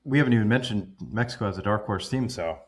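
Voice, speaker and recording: A man's voice: on the low side, fast. A man co-hosting a sports podcast, giving bold, jokey takes in casual chat. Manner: animated, jokey, bold opinions. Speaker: podcast co-host.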